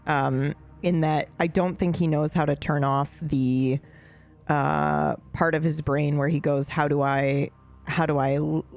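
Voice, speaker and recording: A woman's voice: low-pitched, fairly even intonation, a little slow, vocal fry, a little mellow. A woman in casual group chat, talking in a rambling, self-deprecating and fond way about roleplaying with a castmate. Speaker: roleplay streamer reflecting on a castmate.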